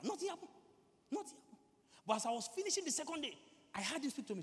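A preacher with a notably high voice delivers a sermon in a big hall, where a long reverb trails each phrase. He swings between quiet, intimate urging and loud, climbing outbursts, and drops into whispered prayer in tongues. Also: very animated, fast. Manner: mimics stammering, prays in tongues.

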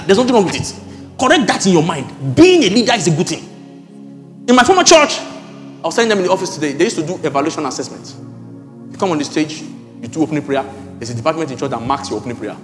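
A man preaching a sermon as pastor, animated and rising at times to shouts. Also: on the high side, quick pace, long reverb tail, soft background music.

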